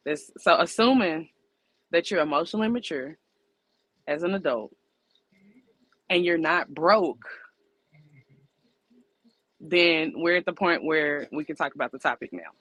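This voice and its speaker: Blunt bright-voiced woman podcaster. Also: low-pitched, animated, a little slow, pauses often, no room sound, rough recording. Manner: blunt, emphatic, breaks points into numbered lists. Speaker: podcast co-host. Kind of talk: casual opinionated chat.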